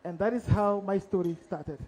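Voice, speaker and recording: A man with a high-pitched voice and a warm, mellow timbre tells his story live on stage. He speaks as an investigative journalist, dramatic and direct, often putting questions straight to the audience. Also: normal speed, poor audio.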